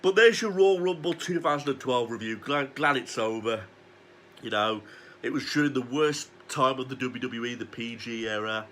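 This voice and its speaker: A man's voice: mid-range voice, normal speed, fairly bright tone, slight background noise. A man, ranting sarcastically and swearing as he reviews a wrestling show. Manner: foul-mouthed, sarcastic ranting.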